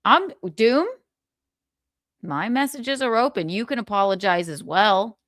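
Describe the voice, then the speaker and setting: A woman hosts a casual gossip livestream at an unhurried, drawn-out pace. She talks sarcastically and rambles, with frequent swearing. The sound is dry and close, with little room echo. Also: a little high, expressive, a bit bright.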